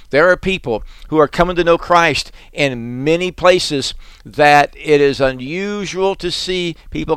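A man's voice: fairly high pitch, fairly bright tone, clean tone, no echo. A man preaching a sermon, explaining scripture earnestly and stressing key points through repetition.

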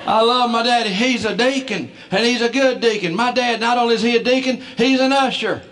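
Folksy stand-up storyteller. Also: male voice, extremely high pitch, a little fast, fairly bright tone. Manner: folksy, stumbling restarts, laughing through stories. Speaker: comedian.

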